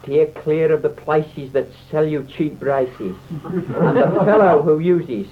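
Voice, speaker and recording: A man's voice: on the high side, slow pace. A man reciting comic verse in a theatrical, mock-dramatic way, on a dull, slightly noisy old recording. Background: audience laughter.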